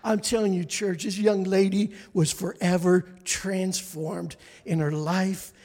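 A man preaching a sermon, telling stories dramatically and acting out the people in them, at times rising to a near shout. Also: sits high, steady tone, measured pace, big-room sound. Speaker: guest preacher. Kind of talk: sermon storytelling. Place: church sanctuary.

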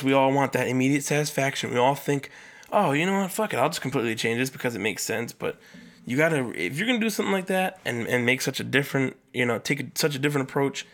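A man hosting a solo podcast, talking in a casual, rambling way with lots of fillers and swearing, and jumping up in pitch for emphasis. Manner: animated, jumps up in pitch for emphasis. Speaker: podcast host.

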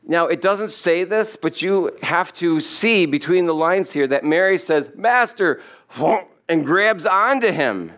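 A man's voice: high-pitched, expressive, a little slow, fairly bright tone. Man preaching a conversational sermon. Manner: conversational, humorous asides. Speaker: pastor. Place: church sanctuary.

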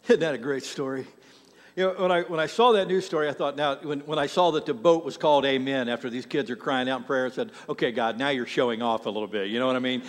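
A man's voice: medium pitch, fairly even intonation, fast, long reverb tail. A man preaching a sermon as pastor, talking conversationally to the congregation and restarting his words.

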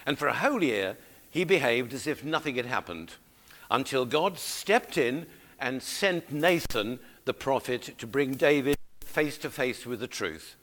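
A man's voice: mid-range voice, lively intonation, measured pace, a bit bright. A man preaching a sermon, coaxing his congregation to read along with him. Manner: exhorting, coaxing the congregation to join in.

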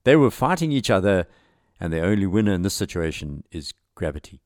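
A man with a very low voice tells an air crash story as documentary narration, drawing on his own flying background. His delivery swings up and down with emphasis, and the voice-over sounds dry and close. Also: no echo. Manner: measured storytelling with lively emphasis.

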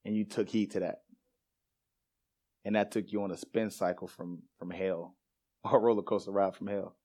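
A man delivers a sermon in a church, his voice sitting a little low. He tells a personal story in a loose, animated way, laughing and dropping casual slang, then moves into scripture. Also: moderate pace. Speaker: preacher. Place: church sanctuary.

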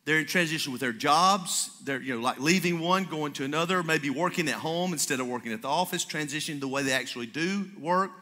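A man preaching a sermon, acting out the voices in his stories with lively energy. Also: on the high side, fairly quick, hardly any pauses. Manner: animated storyteller acting out dialogue. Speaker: pastor. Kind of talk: sermon with storytelling. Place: church sanctuary with congregation. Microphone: stage microphone. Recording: reverberant church hall.

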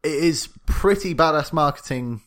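A man's voice: on the high side, normal speed. British guy cohosting a movie podcast, bouncy up and down voice, trips over names. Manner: lively, joking, stumbles on names. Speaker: podcast co-host. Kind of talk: casual film review chat.

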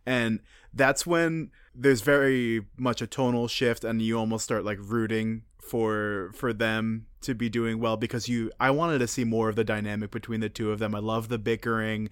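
A man's voice: lowish voice, moderate pace, hardly any pauses, smooth, no room sound, clean studio sound. A man with a stuffy nose co-hosting a podcast, chatting casually and animatedly about films. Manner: animated, laughs often, frequent "like". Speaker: podcast co-host.

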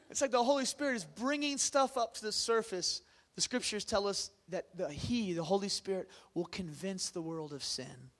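A man with a high voice delivers a sermon. He talks to the congregation like a conversation and asks them questions. He swings between loud, excited bursts and quiet, hushed lines. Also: moderate pace, hardly any pauses. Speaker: pastor.

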